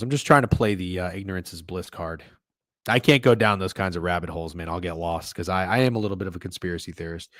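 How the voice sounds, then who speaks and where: A man hosting a sports betting stream, talking casually and swearing a lot, swinging between low mumbling and loud outbursts. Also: no room sound, studio quality. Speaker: sports betting podcast host. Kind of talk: casual livestream rant.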